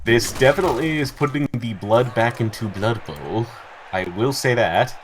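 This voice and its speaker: A man's voice: mid-range voice, moderate pace, slight background noise. A man casually commentating his own video game match, joking dryly and talking to his game pieces. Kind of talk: casual gameplay banter.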